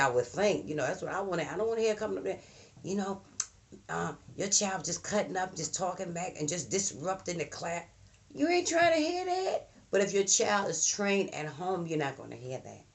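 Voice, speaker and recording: Gravelly woman telling old-school stories. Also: very deep voice. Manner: animated, emphatic, mimics voices for quoted people. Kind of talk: casual storytelling monologue.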